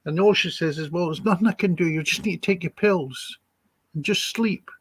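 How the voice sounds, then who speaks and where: A man's voice: sits high, moderate pace, slight background noise. A man, a psychic healer guest in an interview, telling chatty anecdotes and acting out the dialogue he quotes. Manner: chatty, acts out quoted dialogue, chuckles between stories.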